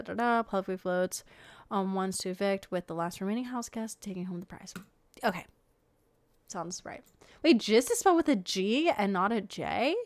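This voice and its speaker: A young woman streams casual reactions to reality show clips, chatting away, swearing freely, and slipping into quiet mumbled asides. Her voice is medium in pitch and the recording is dry.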